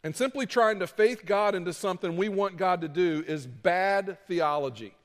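A man preaching a sermon as pastor, dramatic, moving between loud pleading and quiet asides. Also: high voice, moderate pace, in a large hall.

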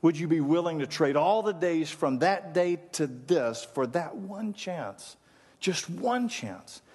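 A defiant warrior leader rallying his army, as a male preacher acts him out. The voice is raised and declaiming, pitched well above the man's normal speaking voice. Everything rings with the long reverb of a large hall. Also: moderate pace, darkish tone, natural voice. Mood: rousing. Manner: declaiming, stirring rally speech. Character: rousing medieval warrior leader, man, defiant.

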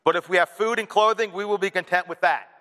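A man preaching a sermon to his congregation, animated and playful, acting out whiny kids and an annoyed parent. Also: sits high, fast talker. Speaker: pastor. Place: church hall. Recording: reverberant hall.

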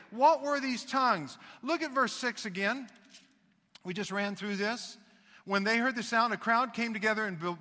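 A male pastor delivers an emphatic sermon, breaking into folksy asides. His voice is high and bright. It carries with a long echo through a large hall. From United States.

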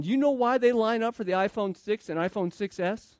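Casting note: male pastor, high voice, dry close sound, casual sermon delivery in a church. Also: fairly quick, few pauses, a little mellow, no echo. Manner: conversational, acts out quoted voices.

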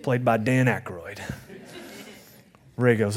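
A man preaching a sermon in a relaxed, conversational way, reading scripture and asking the congregation questions. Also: fairly high pitch, brisk. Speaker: pastor. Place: church service.

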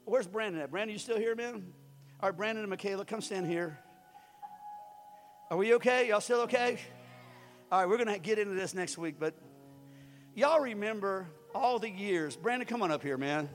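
A man preaching from a pulpit with a very high voice for a man, swinging from plain, joking talk up to shouted declarations. His voice rings with long reverb in a large church hall, soft music under it. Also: lively intonation, moderate pace. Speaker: pastor. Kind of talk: sermon.

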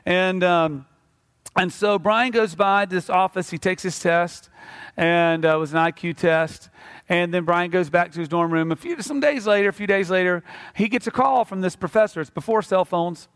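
A man with a notably high voice delivers a sermon. He talks to the congregation in a relaxed, conversational way while telling a story, then presses his point with earnest conviction. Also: normal speed, clear, resonant tone. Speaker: pastor.

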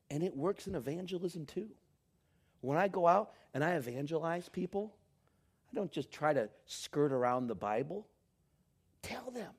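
A man preaching a sermon, swinging between shouted lines and near whispers. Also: high voice, animated, moderate pace, husky. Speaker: pastor.

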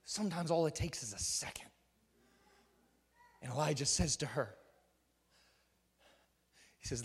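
A male preacher delivering a sermon emphatically, often raising his voice to a shout. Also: a little high, unhurried, pauses often, slightly rough. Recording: reverberant hall.

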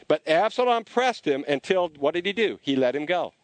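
Male preacher, chatty sermon delivery, animated with restarts, dry recording. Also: on the high side, moderate pace, dry recording. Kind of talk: conversational sermon storytelling.

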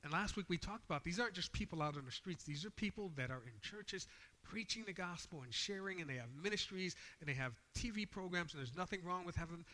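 A man's voice: high voice, animated, quick pace, pushed and bright, in a large hall. A man preaching a sermon, reading scripture aloud with rising emphasis and explaining it in a plain, conversational way.

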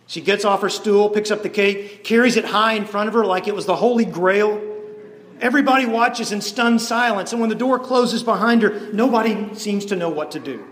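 A man preaching a sermon as an animated storyteller, voicing each character as he goes. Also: high-pitched, normal speed. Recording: echoey hall with long reverb.

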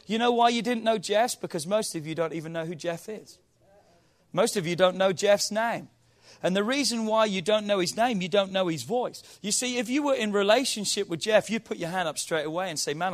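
A pastor with a non-local accent and a high voice preaches a sermon to his congregation in a church hall, speaking a little fast. He playfully quizzes the room, reads scripture, and builds toward emphatic, rising appeals.

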